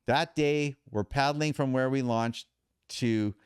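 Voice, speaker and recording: A man's voice: mid-range voice, slow, smooth, no room sound, clean studio sound. A man guesting on a podcast, telling a story casually and acting out the quoted dialogue.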